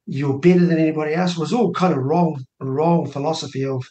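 This election candidate from New Zealand, a man in his sixties, is a radio guest in a casual storytelling interview, animatedly acting out quoted dialogue. He speaks fairly quickly with a fairly high pitch, and the recording sounds echoey.

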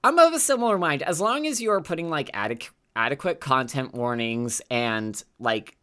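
A woman co-hosting a podcast in casual chat, talking in a chatty, animated way with lots of fillers. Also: a bass voice, moderate pace, clean tone. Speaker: podcast co-host.

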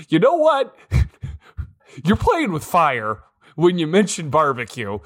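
A man's voice: on the high side, wildly swooping pitch, takes it slowly, fairly bright tone. A man co-hosting a casual movie review podcast, rambling with restarts and chuckles. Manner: rambling, with many restarts and laughs. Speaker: podcast co-host.

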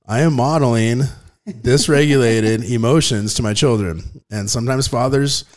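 A man's voice: medium pitch, normal speed. A man in his thirties, a father co-hosting a podcast, talking earnestly and rambling with frequent restarts. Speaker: podcast co-host. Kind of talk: casual podcast chat.

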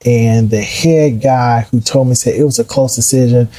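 A middle-aged man telling his career story in a casual, animated way, acting out the voices of people he quotes. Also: mid-range voice, moderate pace, poor audio. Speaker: guest.

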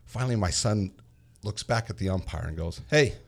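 Man, lowish voice, lively anecdote-telling parent and coach, stumbles over repeated words. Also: normal speed, gravelly. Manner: animated, repeats words, acts out quotes. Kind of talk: casual storytelling chat.

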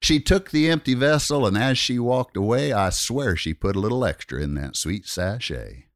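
A man's voice: medium pitch, animated, moderate pace, dry recording, clean studio sound. A man reciting a rhyming narrative poem as a storyteller, with a wry, rhythmic delivery.

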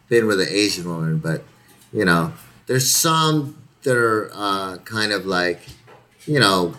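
A middle-aged man in casual chat as a podcast co-host, talking loosely and profanely, peppering his speech with "like" and quick laughs. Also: on the low side, fairly bright tone.

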